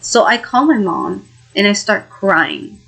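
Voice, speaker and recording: A woman's voice: mid-range voice, animated, slow pace, creaky, fairly bright tone, husky, poor audio. A young woman telling a frightening true story in a casual, rambling vlog, full of fillers and the odd swear word, sounding shaken. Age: young adult. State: shaken, emotional. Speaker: vlogger.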